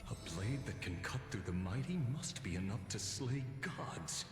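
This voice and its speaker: A man's voice: on the low side, expressive, normal speed, close to an everyday voice. A man voicing a grave lore narrator, echoing. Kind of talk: game story voice-over. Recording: echoey voice-over with long reverb. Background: clear game music.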